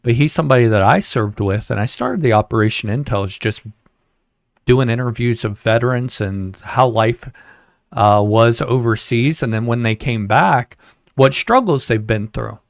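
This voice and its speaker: A man's voice: medium pitch, moderate pace, creaky, no echo, studio quality. A man hosting a veterans interview podcast, speaking thoughtfully and sometimes stumbling over words. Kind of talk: reflective podcast conversation.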